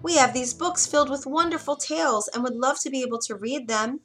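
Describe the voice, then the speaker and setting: A woman's voice: high voice, brisk, a bit bright, faint music behind, voice pushed up. A woman voicing an eager little male dwarf in a storybook reading.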